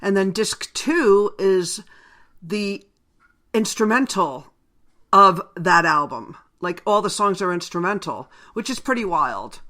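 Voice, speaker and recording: A woman's voice: medium pitch, lively intonation, slow pace, bright, forceful tone. A woman hosting a radio interview show, chatting casually with a guest, laughing often and using plenty of fillers. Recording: radio broadcast.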